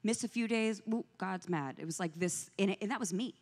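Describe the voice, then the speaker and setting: A woman's voice: medium pitch, brisk, a little mellow. A woman who is a pastor's wife, giving a conversational sermon as a guest speaker, telling stories and asking the audience questions. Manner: storytelling, asks the audience questions. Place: church sanctuary, indoors. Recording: long reverb of a church hall.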